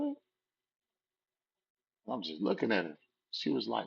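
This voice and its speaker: Gravelly deep-voiced man telling a street story. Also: wildly swooping pitch, measured pace. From Southern California. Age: 40s. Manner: laid-back street slang, acts out quotes. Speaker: vlogger. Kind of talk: casual storytelling. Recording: dull lo-fi recording.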